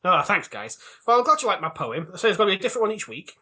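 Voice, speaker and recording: A man's voice: sits high, very animated, rapid-fire, bright, forceful tone, husky. A man co-hosting a crude comedy podcast, playful, swearing and laughing often. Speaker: podcast co-host.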